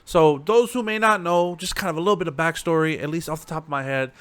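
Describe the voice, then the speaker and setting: Chill guy talking thru a show recap, slangy, smooth voice, dry room. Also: on the high side, quick pace, a bit bright, no room sound. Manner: slangy, loose, full of fillers. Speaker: reaction video host.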